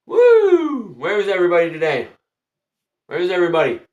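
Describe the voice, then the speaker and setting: A man's voice: a little high, normal speed, a bit bright, muffled recording. A man hosting a tarot livestream in casual chat, repeating himself and greeting viewers by name.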